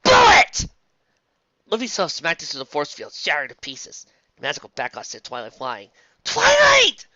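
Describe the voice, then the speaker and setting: A woman narrating a fan-written story in a lively, quick storytelling manner. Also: rumbling low, no echo, lo-fi sound. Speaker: fan fiction reader.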